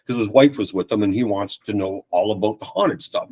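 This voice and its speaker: A man chatting casually as a podcast guest, spinning animated anecdotes. His voice sits in a middle register. He slips into quoted voices as he goes. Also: mid-range voice, fast, few pauses, husky, rough recording. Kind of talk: casual storytelling chat.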